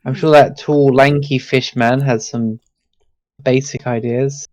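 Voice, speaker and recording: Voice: medium pitch, fairly even intonation, unhurried, dry recording. A player in a tabletop game, matter-of-fact and planning ahead. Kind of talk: casual tabletop role-play.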